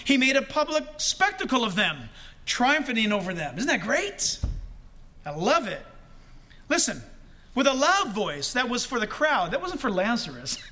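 A male pastor preaching a sermon with animated delivery, shouting the quotes he acts out and laughing often. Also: very high-pitched, measured pace.

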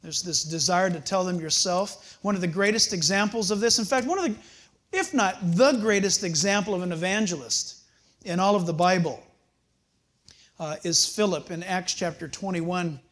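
An older man preaching a sermon, telling stories with animated, chuckling asides. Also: high-pitched, moderate pace. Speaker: pastor.

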